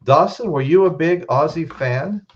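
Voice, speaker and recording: A man's voice: on the high side, measured pace, highs cut off, slight background noise. A man hosting a casual live stream, choked up, greeting viewers in the chat by name and often restarting his sentences.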